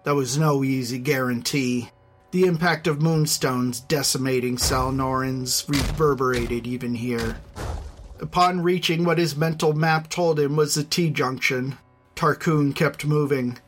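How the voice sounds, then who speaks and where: Measured audiobook narrator over faint music. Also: medium pitch. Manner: measured, even storytelling. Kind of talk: scripted narration.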